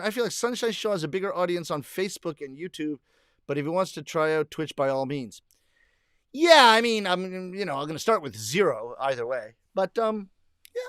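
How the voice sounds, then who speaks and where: A middle-aged man with a fairly high voice hosts a casual livestream, reading out viewer comments and answering them with easy laughs. The sound is close and dry, with no room around it. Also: a bit bright, no room sound. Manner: chatty, laughs often, reads comments aloud and answers them.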